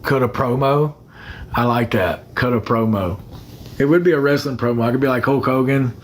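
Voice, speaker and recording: A man's voice: mid-range voice, moderate pace, slight background noise. A young man chatting casually on a phone livestream, rambling and greeting commenters by name.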